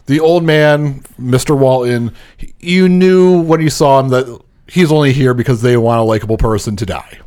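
A man co-hosting a podcast movie review, relaxed and joking as he walks through the plot. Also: medium pitch, normal speed. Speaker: podcast co-host. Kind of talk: casual movie review chat.

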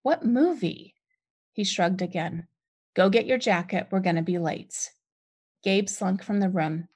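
A woman's voice: mid-range voice, a little slow, breathy edge. A woman author reading her own novel in the first person, lifting her voice sharply for the lines of dialogue. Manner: expressive, lifts voice sharply for dialogue.

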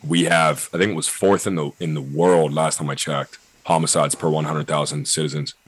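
A man's voice: a bass voice, fairly even intonation, brisk, husky. A young American man chatting casually on a podcast, blunt and profane, full of fillers. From United States. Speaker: podcast guest.

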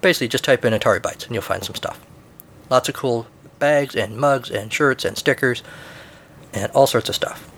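A man's voice: medium pitch, moderate pace, fairly bright tone, slight background noise. A man hosting a podcast, reading a comic story aloud with dry, offhand humor. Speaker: podcast host.

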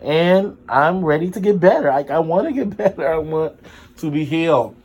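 A sick man with a sore throat and drained energy tells a story to his viewers. His voice is dark and mellow, but he jumps to high exclamations and drops in sassy asides. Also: animated, moderate pace, slightly rough, dull audio. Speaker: vlogger. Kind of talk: casual storytelling to camera.

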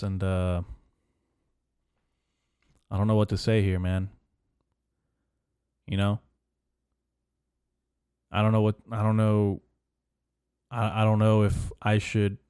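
A man's voice: lowish voice, flat delivery, slow pace, pauses often, darkish tone, clear, resonant tone, no room sound. A young man hosting his own podcast, ranting in a profane, rambling, sarcastic way into a close microphone. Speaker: podcast host. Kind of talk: casual solo podcast rant. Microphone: studio microphone.

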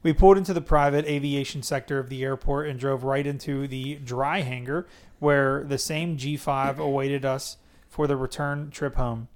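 His mid-range voice moves at normal speed with fairly even intonation. He's a podcast host giving a casual read-aloud of a memoir, reading it straight and pausing now and then to banter and joke about it.

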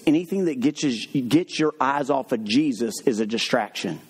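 A man preaching a sermon, mixing funny stories with slow, emphatic points. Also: medium pitch, breathy edge. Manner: lively, humorous storytelling with sudden drops to slow emphatic points.

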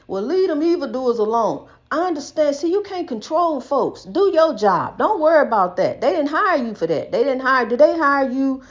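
A woman's voice: high-pitched, very animated, normal speed, hardly any pauses, lo-fi sound. An older woman giving an impassioned, rambling spiritual monologue, repeating her points with emphasis. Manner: preachy, repetitive, emphatic, rambling.

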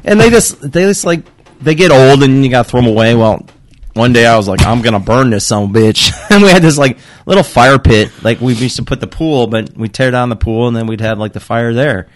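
A middle-aged father on a casual podcast, telling stories animatedly, swearing and loudly acting out what people said. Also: mid-range voice, fairly quick. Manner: animated, swearing storyteller who acts out quotes loudly. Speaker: guest father. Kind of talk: casual storytelling chat.

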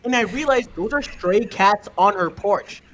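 A young man telling funny stories in casual chat, animated and laughing, acting out the people he quotes. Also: sits high, unhurried, a crowd in the background. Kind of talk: casual storytelling.

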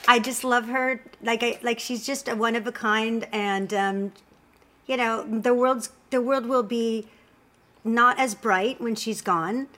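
A woman's voice: on the high side, measured pace. A woman guest in casual chat, telling a personal story and acting out what others said. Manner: animated storyteller, acts out quotes.

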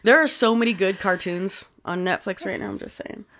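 A woman's voice: mid-range voice, a little fast, a bit bright. A woman in her forties co-hosting a podcast at a studio mic, telling loose, profane stories in casual chat. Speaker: podcast co-host. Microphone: studio microphone.

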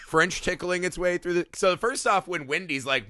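A man's voice: sits high, unhurried, long pauses, no echo, studio quality. A man co-hosting a casual film podcast, swearing freely and acting out scenes in goofy voices. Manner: profane, excitable, acts out scenes in silly voices. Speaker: podcast co-host.

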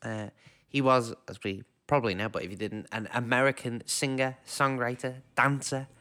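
A man's voice: medium pitch, steady tone, normal speed, pushed and bright. A man co-hosting a podcast in casual chat, dry and joking, laughing often. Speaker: podcast co-host.

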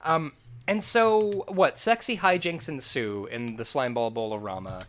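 A man hosting a casual movie review chat, talking in an animated, profane way and laughing often. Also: medium pitch, normal speed. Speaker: podcast host.

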